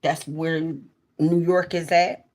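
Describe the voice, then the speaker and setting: Young South Jersey-accented woman hosting a livestream, unhurried, lowish voice, rambling slangy chat. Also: flat delivery, darkish tone. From South Jersey, USA. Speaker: livestream host.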